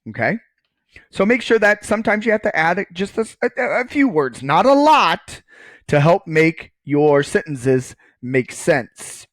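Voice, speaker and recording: A man's voice: fairly high pitch, very animated, a little slow, a bit bright, dry recording. A man giving a recorded math lecture, casual and joking, often checking in with "okay" while writing on screen. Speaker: college math professor.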